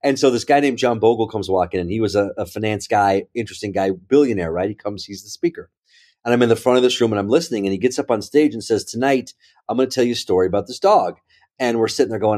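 A man's voice: fairly low pitch, fast talker. A man, a speaker and professor, telling a story in a conversational interview, often checking in with the listener. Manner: animated, checks in with "right?" and "okay?".

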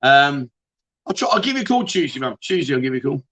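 A man's voice: fairly high pitch, big pitch swings, fast, fairly bright tone, rough recording. A middle-aged man hosting a casual livestream, greeting viewers by name and chatting in a jokey, matey way. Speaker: livestream host. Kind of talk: casual livestream chat reading viewer comments.

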